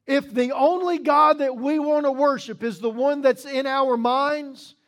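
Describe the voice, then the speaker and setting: A man preaching a sermon as the pastor of a church, moving between loud emphatic lines and low, quiet asides. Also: fairly even intonation, a little slow.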